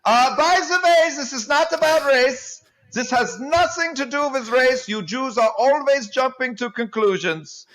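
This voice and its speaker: A man voicing a mocking parody of a Nazi officer with a put-on German accent, sneering and pitched high. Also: measured pace, hardly any pauses, fairly bright tone, low-quality recording.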